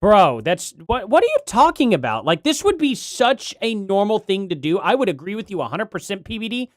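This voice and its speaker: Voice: medium pitch, very animated, a little fast, few pauses, no echo, clean studio sound. A streamer giving live commentary on a debate, rambling and jokey, then getting heated in rants.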